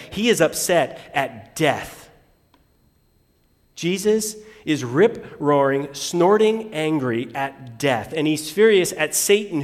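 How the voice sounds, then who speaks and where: A man preaching a sermon, reading scripture aloud and swinging between loud bursts and hushed lines. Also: on the high side, big-room sound. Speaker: pastor.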